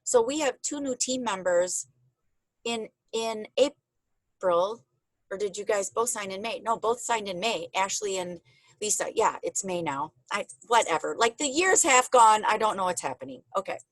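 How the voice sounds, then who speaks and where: A woman's voice: medium pitch, expressive, normal speed, dry recording, low-quality recording. A woman hosting a casual video call, chatty and openly emotional with her guests. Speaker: host.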